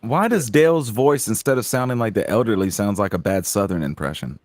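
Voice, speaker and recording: Man, New Orleans accent, very low voice, blunt teasing banter, dry close sound. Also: animated, fairly quick, dry recording. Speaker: podcast co-host. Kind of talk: casual chat.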